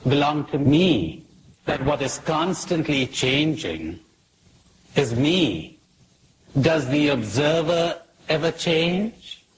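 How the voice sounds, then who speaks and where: A man's voice: mid-range voice, a little hiss or hum, poor audio. A man giving a reflective spiritual talk to an audience, asking questions and telling jokes. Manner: asks questions, tells jokes with acted quotes. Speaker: spiritual speaker.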